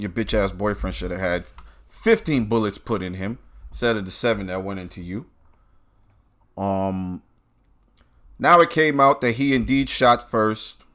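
A man's voice: mid-range voice, lively intonation, unhurried, pauses often, fairly bright tone. A man hosting his own show, ranting bluntly and swearing constantly, recorded in a car. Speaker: podcast host. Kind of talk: profane ranting commentary.

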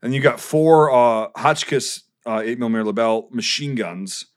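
Man, casual podcast chat, explains in careful detail, full of ums and likes, restarts his sentences often, middle-pitched voice, relaxed flow. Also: moderate pace. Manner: detailed explaining, hesitant with many "um" and "like". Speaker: podcast co-host with military history knowledge.

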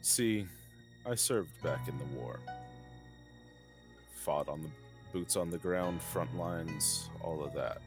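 An extremely deep-voiced man speaks grimly and deliberately as his character in a tabletop game. Guitar music plays clearly behind him. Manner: grim, resolute, deliberate. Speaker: player. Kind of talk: in-character role-play.

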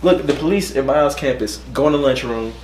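A young man chatting as a podcast co-host in an animated, profane storytelling way. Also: mid-range voice, brisk. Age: young adult. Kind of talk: casual chat. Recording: echoey room, faint noise.

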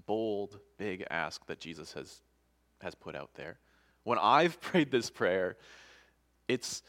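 A male pastor giving a sermon in an earnest, conversational way, at a middle pitch. He often restarts phrases and checks in with the listeners. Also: fairly bright tone.

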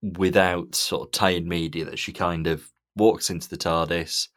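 A man hosting a casual podcast chat, pausing often with ums and passing the talk to his co-hosts. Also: deep voice, no echo, studio quality. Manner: relaxed, frequent ums, hands over to co-hosts. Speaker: podcast host.

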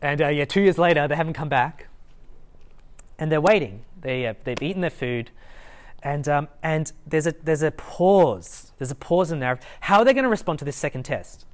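A young adult gives an informal Bible talk at a student meeting, pitched in the middle range. The delivery is relaxed and conversational, full of fillers, restarts and small chuckles as the story is retold. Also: brisk. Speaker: student ministry Bible teacher. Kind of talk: casual expository Bible talk. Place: lecture room at a student meeting.

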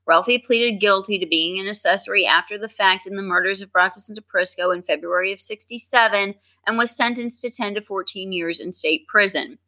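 A woman's voice: mid-range voice, a little fast, hardly any pauses, pushed and bright. A woman co-hosting a true crime podcast, reading narration with dry, wry asides. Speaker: podcast co-host.

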